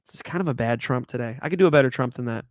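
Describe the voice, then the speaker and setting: A man hosting his own show, chatting casually about fight picks in a hype-driven way, swinging between loud and soft. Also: mid-range voice, rapid-fire, no room sound, studio quality. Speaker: show host. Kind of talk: casual fight-pick talk.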